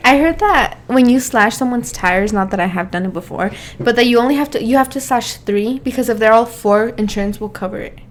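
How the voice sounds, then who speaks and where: A young woman co-hosting a podcast, chatting casually, blunt and quick to laugh. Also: on the high side. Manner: giggly, blunt. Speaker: podcast co-host. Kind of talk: casual chat.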